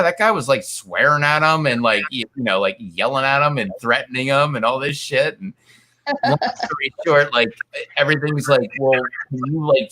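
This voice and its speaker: Bright-voiced man rambling through a story. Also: mid-range voice. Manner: rambling, filler-heavy storytelling with quoted voices. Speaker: co-host. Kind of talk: casual chat, retelling a story.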